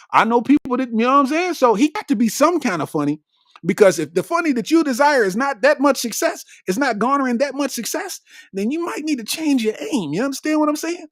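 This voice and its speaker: High, lively-voiced male comedian. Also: dry recording, clean studio sound. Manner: animated, slangy, laughs at his own jokes. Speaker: comedian podcast host. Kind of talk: comedic monologue.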